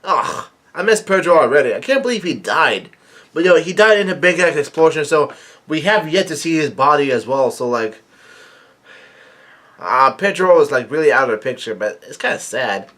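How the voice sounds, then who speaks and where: A man's voice: fairly high pitch, animated, normal speed, fairly bright tone. Rambling man reading comics aloud. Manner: rambling, many fillers and restarts. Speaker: comic reviewer. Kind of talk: casual comic read-along with commentary.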